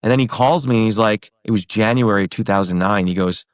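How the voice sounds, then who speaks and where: A comedian in his thirties telling a story in a casual interview, animated, acting out the other people in it. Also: lowish voice, fast talker, few pauses, smooth, dry recording, clean studio sound. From New York and Pennsylvania. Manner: animated, acts out quoted voices. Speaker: comedian guest.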